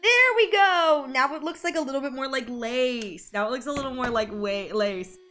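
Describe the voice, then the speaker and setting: A woman's voice: sits high, lively intonation, normal speed, sharp tone, a little hiss or hum. A young woman chatting casually on a live art stream, giggly and playfully anxious as she talks to her chat.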